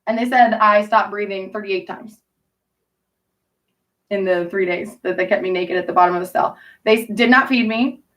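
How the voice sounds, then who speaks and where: A woman's voice: mid-range voice, moderate pace, a bit bright, distant mic. A woman telling rambling, profane stories in casual chat with her stream audience. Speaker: livestreamer talking to chat.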